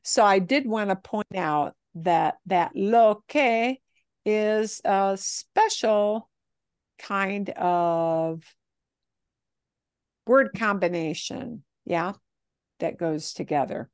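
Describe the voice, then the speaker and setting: Woman teacher, slow patient explaining, dry close sound. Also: mid-range voice, no echo. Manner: patient explaining, modeling phrases slowly. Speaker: Spanish teacher. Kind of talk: online language class.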